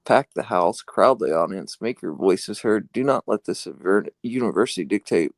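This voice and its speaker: A man co-hosting a podcast in casual chat, talking haltingly with many fillers. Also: lowish voice, expressive, no room sound. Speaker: podcast co-host. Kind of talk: casual chat, reading a flyer aloud.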